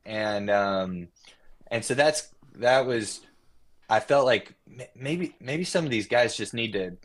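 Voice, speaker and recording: A man's voice: mid-range voice, lively intonation, slow pace. A man, a guest musician, talking casually and reflectively, trailing off and restarting his sentences often. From Nashville. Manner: reflective, rambling with many restarts. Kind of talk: casual podcast conversation.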